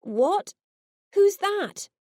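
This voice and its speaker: A woman's voice: on the high side, animated, extremely slow, no echo, studio quality, heavily acted. A woman voicing Fraser, a drowsy, teasing man just woken up, in an audiobook. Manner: mumbling, teasing.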